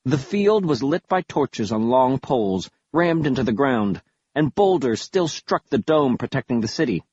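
A man reading a first-person audiobook with a wry, dramatic, lively delivery. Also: mid-range voice, normal speed, slightly rough, dry recording. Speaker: audiobook narrator. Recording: dull lo-fi audio.

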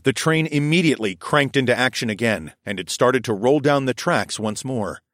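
A man reading a first-person adventure story aloud in a steady, even narrating manner. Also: mid-range voice, normal speed, no echo, studio quality. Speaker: audiobook narrator.

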